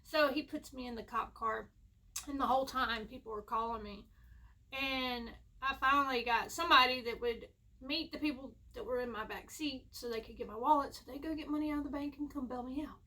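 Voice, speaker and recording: A young woman rambles through a personal story in a high, lifted voice. Her tone is bright and a little sharp, chatty and self-mocking, like a vlogger talking straight to her viewers from home. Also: brisk. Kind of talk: casual storytime.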